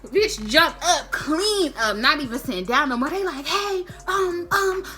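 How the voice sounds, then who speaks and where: A young woman vlogger, telling a slangy, animated storytime. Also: sits high, normal speed. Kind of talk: storytime vlog.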